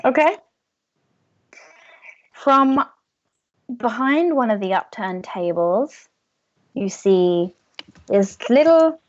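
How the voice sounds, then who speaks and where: A woman's voice: fairly high pitch, darkish tone, dull audio. A woman narrating as game master, with casual, filler-heavy storytelling.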